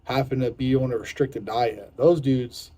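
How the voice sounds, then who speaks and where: A man's voice: mid-range voice, steady tone, unhurried, mellow, rough recording. A young man on a strict diet, hungry and irritable, talking frankly and repeating himself in a casual vlog. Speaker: fitness vlogger on a diet. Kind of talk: casual vlog talk to camera.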